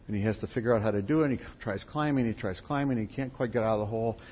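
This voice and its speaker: Rapid-fire and a bit breathy, this man's lowish voice comes through dull, lo-fi sound with faint noise behind it. He's preaching with stories at a spiritual gathering, folksy and direct with his group, sharing parables.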